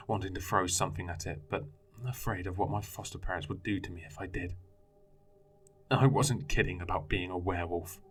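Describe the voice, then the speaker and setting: A man narrating a first-person horror story in a measured, dramatic way. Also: low-pitched, fairly even intonation, a bit bright, breathy edge. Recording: faint music bed.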